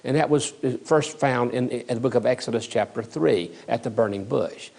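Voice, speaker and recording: A man's voice: mid-range voice, normal speed, vocal fry, darkish tone. A man giving a recorded theology lecture as a seminary teacher, emphatic and repeating key words for stress.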